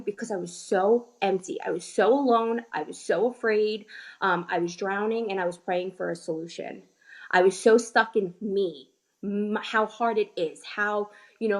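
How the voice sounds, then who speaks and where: A woman in her thirties with a New York accent shares her story over a video call. She speaks earnestly and emotionally, at times close to tears. Her pitch is an ordinary middle for a woman. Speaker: guest speaker, health coach. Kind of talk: personal testimony.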